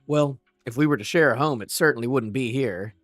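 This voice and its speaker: A man voicing a cold, haughty nobleman in a smooth, formal, self-assured tone while reading a manga aloud. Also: medium pitch, fairly quick, a bit bright, no echo, studio quality, faint music behind, natural voice.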